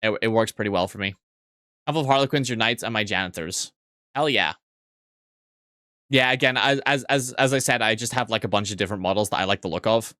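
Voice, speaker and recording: A young man chatting casually on a live stream, answering chat with quick asides, restarts and frequent swearing. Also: fairly low pitch, bright, forceful tone, no room sound, studio quality.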